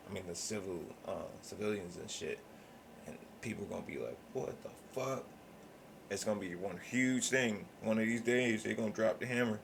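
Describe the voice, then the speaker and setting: A very deep male voice with a gravelly, fried edge, talking casually as a podcast host. He rambles loosely and swears freely, slipping into acted-out quotes as he goes. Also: brisk, background noise. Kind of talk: casual chat.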